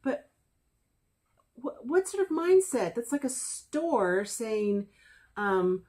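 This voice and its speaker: A woman's voice: fairly high pitch, big pitch swings, slow, long pauses, darkish tone. A woman hosting a casual political commentary vlog, talking sarcastically and reading lyrics aloud with mock outrage.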